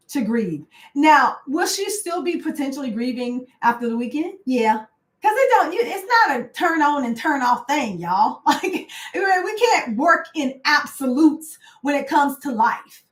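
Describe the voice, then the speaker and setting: A woman life coach giving a casual, conversational motivational talk, often checking in with "right?" and "y'all". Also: high voice. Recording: roomy echo.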